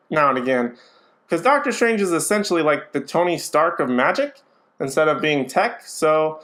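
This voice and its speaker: A man talks through a movie review in a loose, casual way, and his voice sits on the higher side. He sounds opinionated but hedges often, with frequent ums and restarts as he works through his thoughts. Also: a bit bright.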